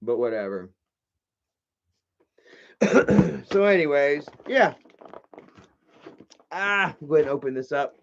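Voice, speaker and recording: A man talks loosely on a live stream, his voice sitting a bit high. He rambles, jokes and swears. The sound is muffled and lo-fi. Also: sing-song, takes it slowly, creaky, long pauses, background noise. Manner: rambling, profane and jokey. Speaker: live streamer opening fan mail. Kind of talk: casual live-stream chat.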